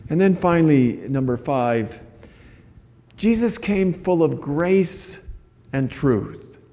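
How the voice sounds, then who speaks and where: A man's voice: fairly high pitch, mellow, in a large hall. A man preaching a sermon as a pastor, earnest and conversational, often restarting his phrases.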